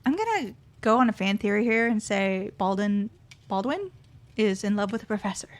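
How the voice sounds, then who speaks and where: A woman's voice: mid-range voice, expressive, moderate pace. A woman giving casual, playful gameplay commentary to her viewers. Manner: chatty, playful asides to viewers. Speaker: streamer.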